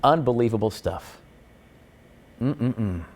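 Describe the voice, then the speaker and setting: A man's voice: mid-range voice, takes it slowly. A man hosting a morning show, chatting in a jokey, wisecracking way and throwing in puns. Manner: punning, wisecracking, animated.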